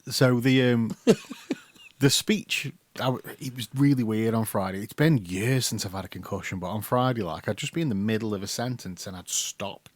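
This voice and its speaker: A man's voice: fairly low pitch, normal speed, dry recording. A man from the telling a long story in casual chat as a podcast co-host, rambling with lots of ums, restarts and swearing. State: concussed.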